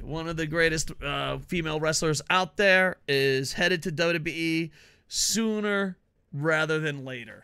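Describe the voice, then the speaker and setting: A man co-hosting a wrestling podcast in casual chat, animated and jokey, laughing often. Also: on the high side, smooth. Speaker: podcast co-host.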